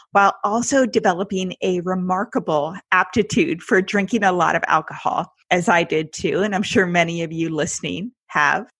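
A woman's voice: mid-range voice, a bit bright, breathy edge, dry recording. A woman hosting a podcast interview, chatty and enthusiastic as she introduces and questions her guest. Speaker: podcast host.

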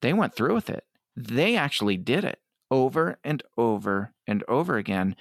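Middle-aged guy with a gravelly voice, earnest, dry close sound. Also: medium pitch, sing-song, dry recording. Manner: earnest, quotes others in quick asides. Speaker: guest. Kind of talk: conversational interview.

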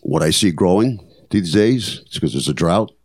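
An older man hosts a podcast, telling reflective stories in an earnest, motivational way and repeating phrases for emphasis. His voice is deep and animated, a little mellow with a breathy edge, at a normal speed.

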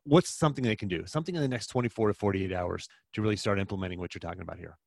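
A man's voice: on the low side, rapid-fire, creaky, darkish tone, no echo, clean studio sound. A man hosting a podcast, encouraging his guest and speaking directly to listeners. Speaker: podcast host. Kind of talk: interview chat.

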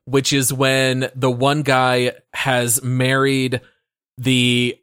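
A man's voice: medium pitch, completely flat delivery, extremely slow, a bit bright, clear, resonant tone, no room sound, studio quality. A man co-hosting a gaming podcast, offering wry, amused commentary. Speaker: podcast co-host. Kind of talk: casual chat.

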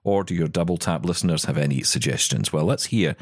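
A man's voice: a bass voice, lively intonation, fast, no echo, clean studio sound. A middle-aged man co-hosting a tech podcast in casual, jokey chat, reading listener messages aloud. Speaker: podcast co-host.

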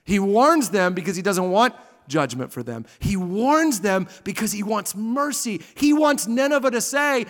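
A male pastor delivers a sermon with a fairly high voice. He swings dramatically between loud exclamations and hushed, quiet passages. The sound carries the long reverb of a large hall. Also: animated, unhurried.

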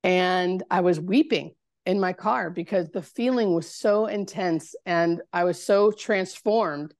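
A woman, a hospice nurse, telling a personal story in a podcast interview, halting and searching for words with many fillers. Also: lowish voice, a little mellow, no echo, clean studio sound.

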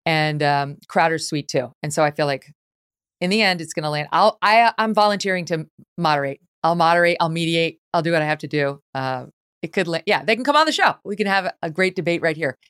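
A middle-aged woman hosting a talk podcast, chatting in an animated, opinionated way with quick asides. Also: low-pitched, smooth, no echo, clean studio sound. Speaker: podcast host.

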